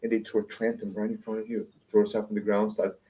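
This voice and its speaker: A man's voice: lowish voice, flat delivery, quick pace, dark tone, slight background noise, low-quality recording. Chatty male spiritual lecturer. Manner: conversational, keeps asking "right?"; repeats words and restarts often. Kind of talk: informal public lecture. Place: lecture room.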